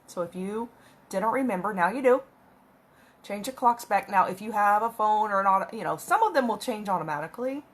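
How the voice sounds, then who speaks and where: A woman's voice: mid-range voice, expressive, a little fast. Woman, casual makeup tutorial, rambling and chatty, at home, phone recording. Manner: rambling, chatty, talks while applying makeup. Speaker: makeup vlogger. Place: at home with her cat. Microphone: phone camera.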